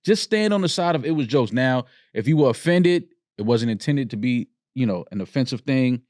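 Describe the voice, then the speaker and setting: A man's voice: medium pitch, animated, moderate pace, darkish tone, no room sound, studio quality. A man co-hosting a podcast, making emphatic points, repeating himself and swearing in casual debate. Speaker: podcast co-host.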